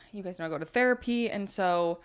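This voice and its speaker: A woman's voice: on the low side, normal speed, clear, resonant tone. A young woman co-hosting a podcast, chatting casually and telling stories with acted-out quotes. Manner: chatty storyteller, acts out quotes. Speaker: podcast co-host. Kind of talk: casual chat.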